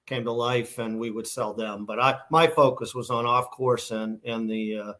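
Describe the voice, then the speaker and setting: A man's voice: mid-range voice, flat delivery, moderate pace, pushed and bright. A middle-aged man from Massachusetts with a Boston accent, telling stories as a company founder in a casual interview, rambling with fillers and restarts. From Massachusetts, USA. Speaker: guest, shoe company founder.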